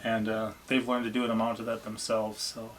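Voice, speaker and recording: A man's voice: fairly low pitch, monotone, a little fast, crowd noise. A man, a family vlogger chatting casually and encouragingly about his children. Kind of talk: casual chat.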